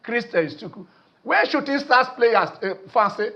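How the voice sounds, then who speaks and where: A Nigerian man hosting a sports phone-in show, excitable and repetitive, often trailing off mid-sentence. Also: extremely high pitch, normal speed, lo-fi sound. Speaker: sports talk show host. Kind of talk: animated phone-in sports talk.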